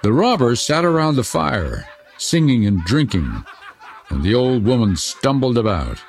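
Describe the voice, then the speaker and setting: Gravelly man reading a fairy tale. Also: medium pitch, a little slow. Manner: expressive, dramatic. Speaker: narrator. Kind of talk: storybook reading. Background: soft music.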